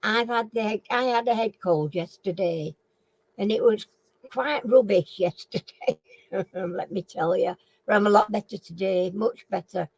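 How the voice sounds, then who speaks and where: A Northern English woman hosting a casual live-stream chat. She rambles along and keeps clearing a frog in her throat. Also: medium pitch, a little slow, no echo, low-quality recording. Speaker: live chat and quiz host.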